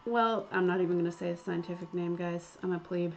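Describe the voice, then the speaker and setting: A woman's voice: lowish voice, fairly even intonation, brisk, vocal fry, few pauses, muffled recording, a little hiss or hum. Chatty woman narrating her game. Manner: chatty, hesitant, self-deprecating. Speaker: game developer streaming her game. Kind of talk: casual game commentary.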